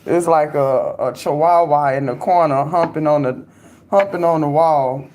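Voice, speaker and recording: A woman's voice: low-pitched, normal speed, warm tone. Slangy, laughing woman chatting casually. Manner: loose, talkative, laughs often, slangy. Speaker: livestream host reading viewer comments. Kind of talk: casual commentary chat.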